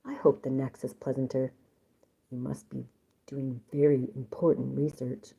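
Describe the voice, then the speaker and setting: A woman voicing a polite older male professor in a read-aloud story, speaking in a gentle, measured way. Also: extremely low pitch, flat delivery, vocal fry, husky, heavily acted.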